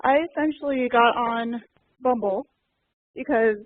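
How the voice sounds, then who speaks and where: A woman's voice: fairly high pitch, unhurried. A woman chatting casually and candidly on a call, with lots of fillers. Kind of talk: casual chat. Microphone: call audio, muted and unmuted. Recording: thin phone-like dry call audio.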